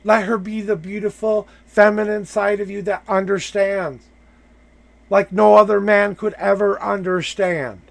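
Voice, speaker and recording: A man's voice: high voice, fairly even intonation, unhurried, vocal fry. A man hosting a live tarot reading, coaching the person he reads for with emphatic, repeated affirmations.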